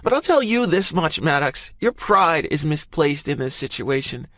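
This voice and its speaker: A man voicing a fierce, stubborn young woman who talks in a loud, cutting, high-pitched way in an audiobook. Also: moderate pace, no room sound. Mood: furious.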